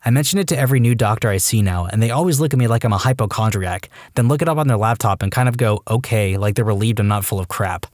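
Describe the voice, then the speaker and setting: A man narrating reddit stories aloud, reading in a brisk, even voice. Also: lowish voice, dry recording, studio quality. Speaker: story narrator.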